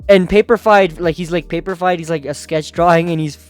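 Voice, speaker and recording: A man's voice: a little high, fairly even intonation, a little fast, soft background music. A man giving a casual, profane comic recap of a comic, full of fillers and laughter. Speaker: manhwa recap host.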